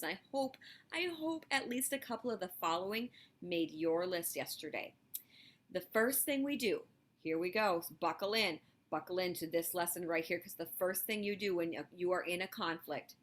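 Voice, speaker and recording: Encouraging female teacher, lively delivery to young kids, a bit low-pitched. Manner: lively, encouraging, talks directly to children. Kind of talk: video lesson for elementary students.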